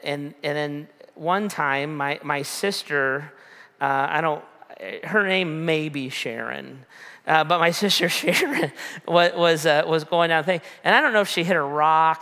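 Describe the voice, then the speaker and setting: Casual storytelling preacher, bright voice, fairly high, rambling delivery, long hall reverb. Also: male voice, clean tone. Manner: rambling, casual, many fillers and restarts. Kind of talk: storytelling sermon.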